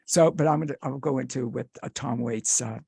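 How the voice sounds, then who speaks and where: A man's voice: mid-range voice, a little fast, creaky, a little mellow, slightly rough, no echo, clean studio sound. A man hosting a podcast interview, emotional and rambling, joking about himself. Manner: emotional, rambling, self-deprecating. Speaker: podcast host. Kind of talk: casual interview chat.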